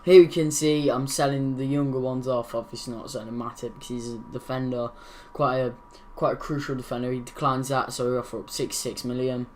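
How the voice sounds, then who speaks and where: A man's voice: medium pitch, little pitch movement, a little fast, hardly any pauses, darkish tone, slight background noise. Rambling young man narrating a football game. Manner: rambling, self-correcting, laughs at own slips. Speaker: gaming channel host. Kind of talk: casual video game commentary.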